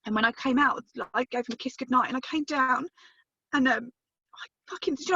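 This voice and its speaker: A woman's voice: high voice, brisk, sharp tone, breathy edge, no echo, lo-fi sound. A woman in her thirties giving an emphatic, chatty testimonial on a video call, swearing casually as she tells her story. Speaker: business testimonial speaker. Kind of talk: motivational testimonial on a group call.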